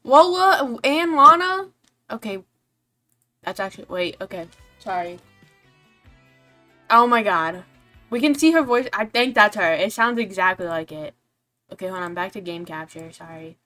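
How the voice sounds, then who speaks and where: A young woman streaming a game, chatting casually and reacting excitedly. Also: on the low side, moderate pace, long pauses, faint music behind. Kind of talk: casual livestream commentary over a game.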